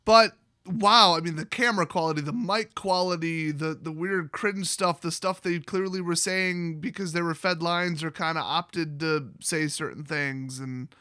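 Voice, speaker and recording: An American man ranting sarcastically as host of a commentary video, mocking and animated. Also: fairly high pitch, normal speed, dry recording, clean studio sound. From United States.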